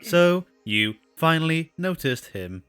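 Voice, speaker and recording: Guy reading as an earnest teen hero, angry and hurt, bright voice. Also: on the high side, very animated, slow pace, faint music behind, voice pushed up, full character voice. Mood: indignant. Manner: indignant, earnest. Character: earnest grieving teenage boy protagonist.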